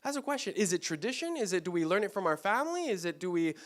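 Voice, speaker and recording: A man's voice: sits high, very animated, fast talker. A man from Mexico giving an informal, conversational church talk, full of rhetorical questions and self-corrections. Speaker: church speaker. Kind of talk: conversational sermon.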